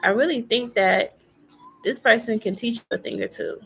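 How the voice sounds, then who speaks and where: A woman's voice: fairly high pitch, moderate pace, vocal fry, a bit bright, faint music behind. A woman giving a live tarot reading in a chatty way, repeating herself and filling gaps with little asides. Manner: chatty, repeats phrases, many fillers. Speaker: tarot reader.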